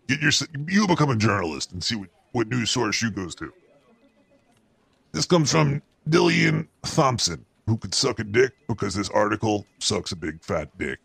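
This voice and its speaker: A man's voice: fairly low pitch, a bit bright, dry recording, heavily acted. A man voicing a paranoid, foul-mouthed male cartoon rat who hosts a show and rants crudely and with exasperation about the news. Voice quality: gravelly. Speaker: show host. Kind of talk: comedic news rant.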